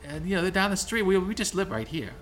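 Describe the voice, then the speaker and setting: A man's voice: sits high, big pitch swings, quick pace, fairly bright tone, soft background music. A man playing a rambling, reassuring local guy. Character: friendly local man vouching for two boys.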